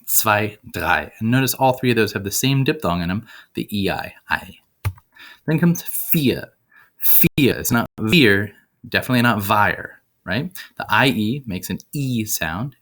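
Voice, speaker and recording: A male teacher with a very low voice walks beginners through a German lesson. He says each word slowly and repeats it with deliberate care. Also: fairly bright tone. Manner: slow, deliberate word repetitions. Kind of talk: language lesson video.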